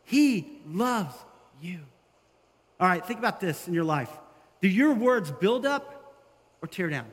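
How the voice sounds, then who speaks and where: High-voiced man preaching in a reverberant hall. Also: slow pace, pauses often. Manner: animated, acts out quoted voices. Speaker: pastor. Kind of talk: sermon.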